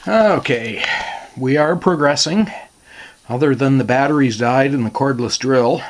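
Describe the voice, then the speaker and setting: A man narrating a casual vlog at his small off-grid cabin, talking slowly and plainly to himself with sighs and asides. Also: medium pitch. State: out of breath. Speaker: cabin owner filming his visit.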